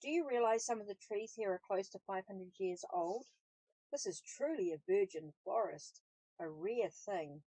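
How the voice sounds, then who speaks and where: A woman's voice: medium pitch, expressive, unhurried, warm tone, breathy edge, no echo, low-quality recording. Woman reading as an earnest forest researcher. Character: fit friendly male forest researcher, forties. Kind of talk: audiobook reading of dialogue.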